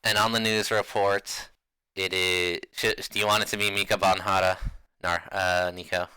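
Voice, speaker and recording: A man running a tabletop game, chatty and quick to laugh. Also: sits low, clear, resonant tone, no echo. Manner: laughs often, relaxed and chatty. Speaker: game master.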